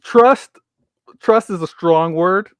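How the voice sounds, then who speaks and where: A man co-hosting a casual football debate, pushing back with measured, wry answers that hedge before they commit. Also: high voice, smooth, no room sound. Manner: measured, wry, hedging rebuttals. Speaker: co-host.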